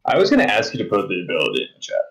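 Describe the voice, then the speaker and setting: A man with a fairly low voice runs a tabletop game as game master. He asks his players dry, pointed questions about what their characters did. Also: huge pitch swings, very fast, creaky, fairly bright tone, poor audio.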